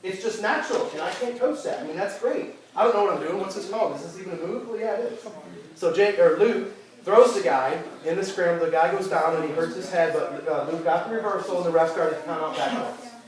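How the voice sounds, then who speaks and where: A man, a youth wrestling coach, retelling a season's matches to his team in an animated way, full of fillers and restarts. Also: sits high, brisk. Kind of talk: end-of-season speech to a team. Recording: roomy hall, voice from far off, crowd noise.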